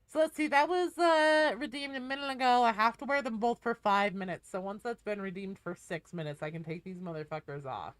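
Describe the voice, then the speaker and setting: A woman streams a game, chatting casually with viewers, joking, swearing, and bursting into high, excited greetings. She talks a little fast with few pauses. There's no room sound.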